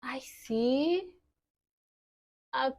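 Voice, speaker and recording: A young woman leads a lesson for toddlers in a fairly high voice. She speaks very slowly and cheerfully in an exaggerated sing-song, stretching words and imitating animal sounds. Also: gravelly. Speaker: children's teacher.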